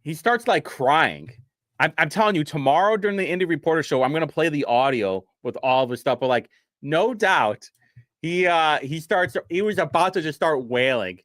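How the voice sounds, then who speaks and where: Give me a young man riffing on a live stream, mocking and rambling with frequent laughter. His pitch sits a bit high and swings widely. The sound is dry and close. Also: animated, moderate pace, a bit bright, dry recording. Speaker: streamer host. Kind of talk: casual live-stream commentary.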